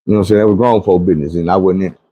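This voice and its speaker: A man's voice: deep voice, steady tone, very fast, dry recording, highs cut off. A man, telling a personal story in a conversational, emphatic way. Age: 40s. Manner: conversational, emphatic, repeats "you know what I'm saying".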